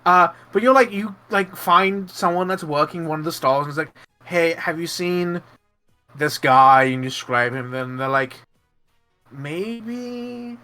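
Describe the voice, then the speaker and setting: Game master man, bright tone, slightly high; rambling, laughing narrator with faint music under. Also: a little slow. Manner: rambling, laughing, lots of fillers and restarts. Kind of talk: narrating a tabletop game, voicing NPCs in passing.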